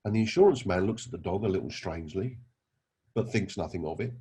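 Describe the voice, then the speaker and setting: A man's voice: deep voice, expressive, quick pace, dark tone, slightly rough. A man giving a motivational talk, telling anecdotes and asking his listeners rhetorical questions. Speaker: network marketing recruiter.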